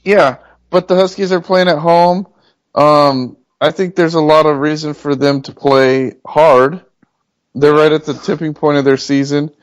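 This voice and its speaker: Slightly high-voiced man, dry sound. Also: fairly even intonation, unhurried, clean tone, dry recording. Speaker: co-host. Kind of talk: casual sports chat.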